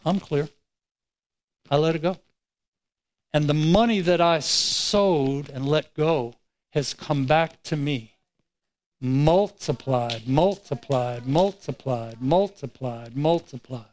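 A man preaching a sermon, telling a personal story in an animated way and acting out his own words. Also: a little high, low-quality recording. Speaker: pastor.

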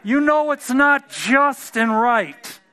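A man's voice: extremely high pitch, animated, takes it slowly, sharp tone. A man in his fifties or older preaching a sermon, emphatic and drawn out, with casual, folksy asides. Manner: laughs during his own anecdotes.

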